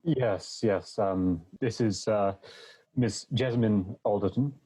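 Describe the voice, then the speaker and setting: A man's voice: lowish voice, slow, warm tone, breathy edge, low-quality recording. A man playing a fumbling, over-polite playwright. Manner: hesitant, apologetic, over-polite.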